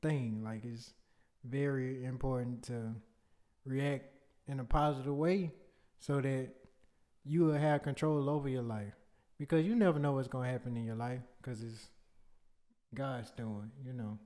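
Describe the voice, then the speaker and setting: A man's voice: medium pitch, steady tone, unhurried, pauses often, dark tone. A man co-hosting a casual podcast, laid-back and reflective, laughing easily. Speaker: podcast co-host.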